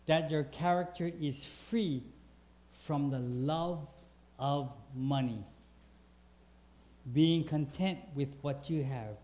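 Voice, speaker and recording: A man's voice: on the high side, takes it slowly, dark tone. A man preaching a sermon in a conversational way, asking the congregation questions and reading scripture aloud.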